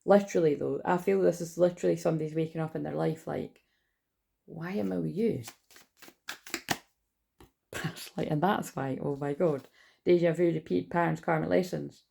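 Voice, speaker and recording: Gravelly woman rambling through a tarot reading. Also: sits low, fairly even intonation, a little fast, mellow, slight background noise. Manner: rambling, swears freely, lists card meanings. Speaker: tarot reader. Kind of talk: casual spoken tarot reading.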